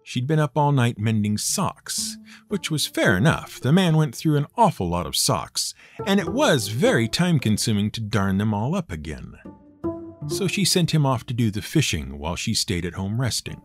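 Brief: male folktale narrator, wry and expressive, mid pitch, plucked guitar bed. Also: moderate pace. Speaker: storyteller host. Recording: guitar music playing beneath. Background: guitar music.

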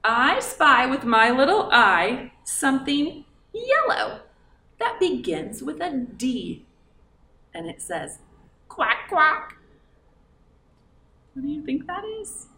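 A female librarian reads a picture book aloud to children, coaxing them along in a sing-song voice and asking them questions. Her voice is high and bright with big pitch swings, delivered slowly in a forceful tone. The recording sounds roomy and distant, with slight background noise.

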